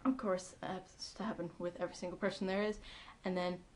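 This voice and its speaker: A woman giving a casual, excitable recap of a TV episode, chatty and full of ums and likes. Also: lowish voice, a little fast, a little hiss or hum. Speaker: TV episode reviewer.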